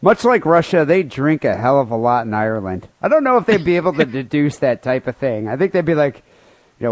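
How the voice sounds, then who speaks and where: A man's voice: mid-range voice, big pitch swings, brisk, no echo. A man co-hosting a comedy podcast, telling a news story in crude, profane banter with mock outrage. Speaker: podcast co-host.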